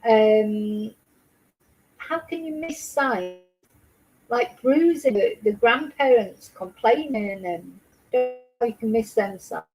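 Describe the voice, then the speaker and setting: A woman's voice: on the high side, animated, slow pace, rough recording. A woman vlogging her reaction to a news clip, emotional and angry, swearing in outbursts. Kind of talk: casual commentary.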